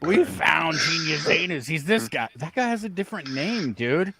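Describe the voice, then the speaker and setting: A man with an animated, swooping voice jokes crudely and laughs often in loose podcast banter. Clear chatter from a crowd sits behind him. He keeps the tone playful throughout. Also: a little high, normal speed. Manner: laughs often, lively joking.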